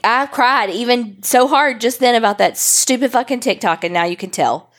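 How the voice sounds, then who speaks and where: A young adult woman co-hosting a podcast, chatting casually and reading listener stories, emotional and quick to swear. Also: a little high, a bit bright. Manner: emotional, swears freely, rambling. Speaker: podcast co-host.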